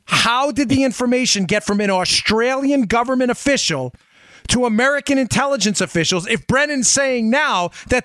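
A man's voice: extremely high pitch, expressive, normal speed, a bit bright, no echo, studio quality. A man hosting a political podcast, delivering emphatic commentary full of rhetorical questions aimed at his listeners. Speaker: podcast host.

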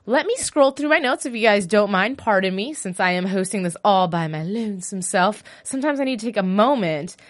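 A woman hosts a fan after-show podcast all by herself, chatting casually. Her delivery is animated and gushing, with loose, conversational phrasing. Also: mid-range voice, fairly quick, hardly any pauses. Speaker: solo podcast host. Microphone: podcast mic.

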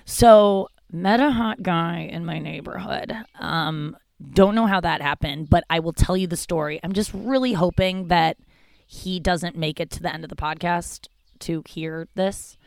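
A woman's voice: fairly low pitch, a little slow, gravelly, no echo. Candid, rambling woman podcast host. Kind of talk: casual comedic monologue.

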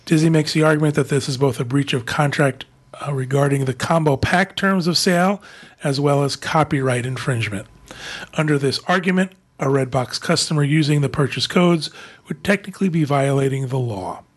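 A man with a fairly high, husky voice reads the news segment of a podcast. He slips into a deliberate announcer delivery. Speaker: podcast co-host reading the news. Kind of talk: reading news aloud.

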